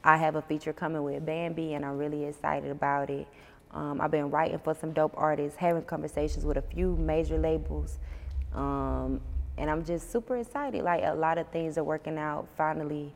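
A Georgia woman, an artist chatting bluntly and profanely in an interview, telling animated stories. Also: deep voice, normal speed, creaky, big-room sound. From Georgia, USA. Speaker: musician guest. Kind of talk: casual interview chat. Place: on a porch outdoors.

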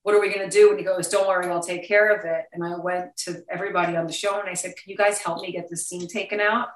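Sex: woman. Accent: New York. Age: 50s. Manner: blunt, animated. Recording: roomy, distant. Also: lowish voice, fast talker. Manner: animated, blunt and profane, laughing often. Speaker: actress guest. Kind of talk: casual interview. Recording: roomy sound, distant from the mic.

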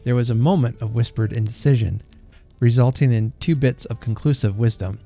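Male storyteller, mellow and gentle, faint guitar under the reading. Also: mid-range voice, brisk, vocal fry. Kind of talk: reading a classic story aloud.

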